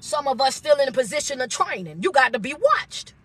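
A woman's voice: high-pitched, big pitch swings, a little fast, fairly bright tone, slightly rough. Emphatic forty-something woman life coach. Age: 40s. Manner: preachy, emphatic, calls listeners baby. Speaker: motivational speaker and life coach. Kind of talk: motivational monologue.

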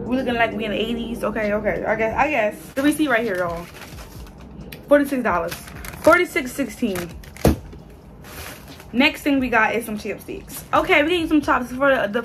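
Animated young woman chatting to viewers. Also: fairly high pitch. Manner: animated, exclaiming, talks straight to viewers. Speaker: hair vlogger. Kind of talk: casual vlog chat to viewers.

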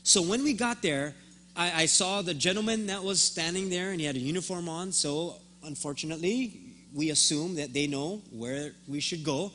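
A man's voice: a little high, moderate pace, a bit bright, a little hiss or hum. A man preaching a sermon as pastor, telling a story and acting out both sides of the conversation, often repeating words as he starts a thought.

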